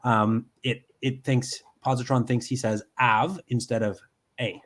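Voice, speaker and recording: In a steady, mid-range voice and at a slightly slow pace, a man demonstrates software live from home. He takes it step by step, often pausing on ums and restarting.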